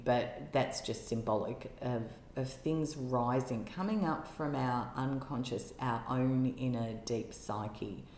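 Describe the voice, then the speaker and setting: A woman giving an intuitive tarot love reading in a gentle, musing way, now and then exclaiming with delight. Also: a bass voice, slight background noise. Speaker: tarot reader. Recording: echoey room with faint ambience.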